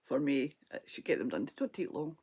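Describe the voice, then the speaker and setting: A woman with a Scottish accent talks through her crochet in a loose, rambling, chatty way. Her throat sounds hoarse and froggy, and she laughs often. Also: very deep voice, animated, a little fast, warm tone. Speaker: crochet vlogger. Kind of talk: casual crafting chat.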